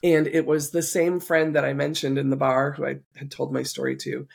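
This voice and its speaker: A woman's voice: extremely low pitch, level tone, brisk, vocal fry, slightly rough. A woman podcast host being interviewed, earnestly and reflectively recounting a personal story. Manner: earnest, reflective, occasional soft laughs.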